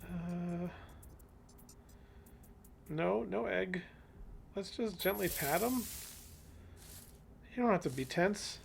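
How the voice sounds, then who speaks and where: A gravelly, slightly high-voiced man streams a game live, chatting along as he plays. He coos at the animals he meets, and a steady hiss of noise sits behind him. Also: slow pace, long pauses.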